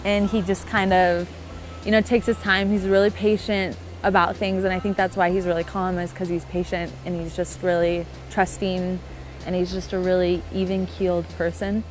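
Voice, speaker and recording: With a lowish, flat voice at a moderate pace, a young woman in her twenties shares the story of meeting her fiancé in a relaxed interview format. She laughs a lot and performs her own lines as she tells it, over soft background music.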